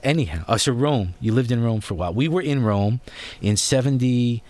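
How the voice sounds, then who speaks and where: Man in his forties, interviewer, mid-pitched voice, chatty, rambling. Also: animated, fairly quick, a little mellow. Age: 40s. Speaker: interviewer host. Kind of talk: conversational interview.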